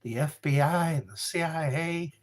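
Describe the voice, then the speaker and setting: A man hosting a rambling live stream, chatting slowly with viewers from a dark room lit by a candle. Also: a little high. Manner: slow, meandering, talks to viewers. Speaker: livestream host.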